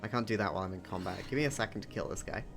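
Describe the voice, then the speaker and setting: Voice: deep voice, rapid-fire. A streamer chatting casually and playfully while playing a game. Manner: playful, chatty, laughs often. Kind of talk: casual chat while gaming. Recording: background music.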